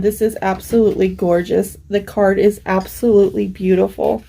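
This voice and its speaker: A middle-aged woman hosting a craft vlog, gently showing off mail she received and gushing over each piece. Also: mid-range voice, little pitch movement, vocal fry, low-quality recording. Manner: slow, gentle, gushing over small things. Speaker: craft channel host. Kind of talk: casual show-and-tell vlog.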